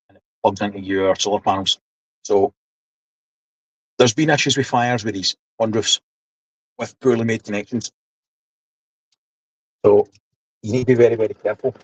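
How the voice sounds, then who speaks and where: A man's voice: lowish voice, no echo, low-quality recording. A man in his seventies with a Scottish accent, chatting casually on a live stream, explaining things while he reads the chat. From Scotland. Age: 70s. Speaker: livestream host.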